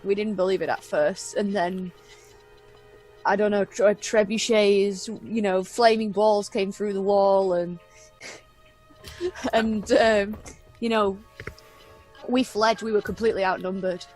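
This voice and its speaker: A woman in a tabletop game session, recounting events in a hesitant, filler-laden way. Her voice sits at an ordinary pitch. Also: steady tone, takes it slowly, long pauses, darkish tone, soft background music, rough recording. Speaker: player. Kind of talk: casual chat.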